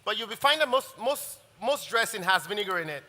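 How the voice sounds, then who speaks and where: High bright-voiced chef in a hall. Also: male voice. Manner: relaxed, halting, explains as he cooks. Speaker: chef teaching a masterclass. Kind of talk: live cooking demonstration. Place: event hall with audience. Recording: long reverb of a large hall.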